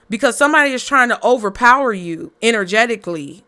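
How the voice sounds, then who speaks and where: A woman's voice: on the high side, quick pace, hardly any pauses, pushed and bright. A woman giving a casual tarot reading in a blunt, profane, fired-up motivational way. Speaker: tarot reader.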